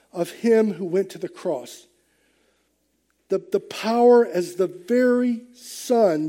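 Slow, mellow-voiced male preacher. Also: high voice. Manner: emphatic, rising and falling with the message. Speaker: pastor. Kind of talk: sermon.

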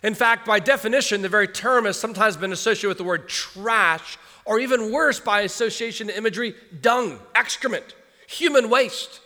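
A man's voice: high voice, normal speed, bright, forceful tone, long reverb tail. A man preaching a sermon, reading scripture aloud and then explaining it in a conversational way. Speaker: pastor.

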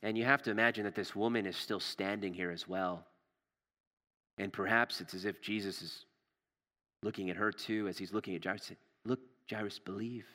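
A male pastor preaching a sermon in a storytelling way, rising for drama and dropping low and soft for tender moments. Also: fairly even intonation, brisk, big-room sound.

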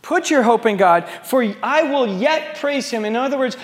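A male pastor with a high, light voice delivers a conversational sermon. He drops to soft, near-quiet stretches and then swells loud and emphatic. The sound carries a long reverb tail from a large hall. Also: lively intonation, normal speed. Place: church sanctuary with a small live audience.

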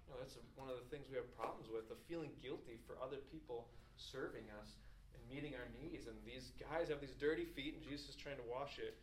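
A man preaching a sermon as a pastor, retelling a story with lively acted-out questions and pauses. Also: medium pitch. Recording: roomy echo with faint ambient noise.

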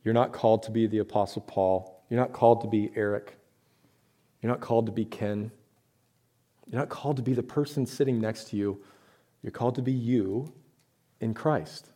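A man's voice: fairly low pitch, steady tone, normal speed, pauses often, dark tone. A man preaching a sermon to his church, talking in a conversational way with rhetorical questions and emphatic points. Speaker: pastor.

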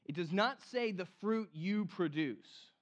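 A man preaching a sermon in an animated, conversational way, acting out the quotes he cites. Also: high-pitched, measured pace, lo-fi sound. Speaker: pastor.

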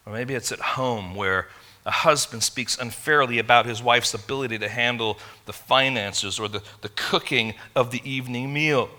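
A man from England, preaching a sermon in an animated, conversational storytelling way. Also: medium pitch, normal speed. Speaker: pastor.

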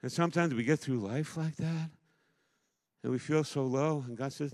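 A middle-aged man preaching a sermon as pastor, emphatic, swinging between loud declarations and hushed asides. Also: fairly high pitch, moderate pace. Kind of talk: impassioned sermon. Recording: long hall reverb.

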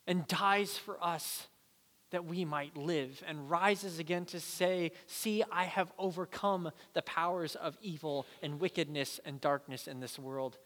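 Brief: male pastor in his thirties, sermon storyteller, bright tone, long hall reverb. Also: high-pitched. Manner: animated storyteller, acts out voices.

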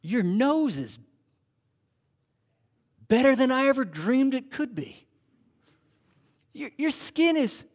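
Man doing a healed leper man, giddy and amazed, voice jumping high. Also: takes it slowly, pauses often, big-room sound, full character voice. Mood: amazed, overjoyed. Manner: excited, exclaiming in disbelief.

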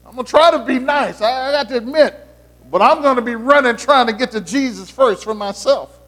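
A man's voice: very high voice, a little fast, fairly bright tone. A man preaching a sermon as pastor, talking to the congregation in a conversational way, with playful asides and frequent restarts.

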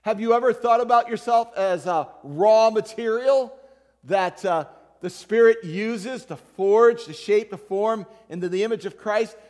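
Preaching to his congregation, a pastor speaks in a notably high, slightly mellow voice that rings with long reverb around the sanctuary. His sermon feels conversational as he teases and calls out people in the pews.

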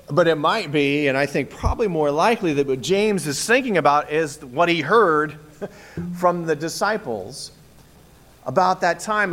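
Lively, animated male preacher. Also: fairly high pitch. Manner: animated storytelling, acts out frightened voices. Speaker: pastor. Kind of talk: sermon.

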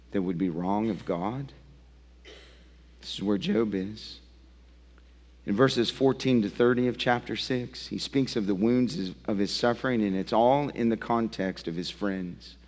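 A male pastor preaching a sermon, emphatic and swinging from loud to hushed, often asking his listeners direct questions. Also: fairly low pitch, a little slow. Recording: long reverb of a large hall.

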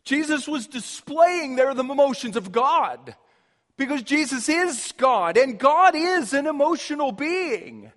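A man preaching a sermon as pastor, impassioned, swinging from loud emphasis to hushed, near-whispered lines. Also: very high voice, very animated, measured pace. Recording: long hall reverb.

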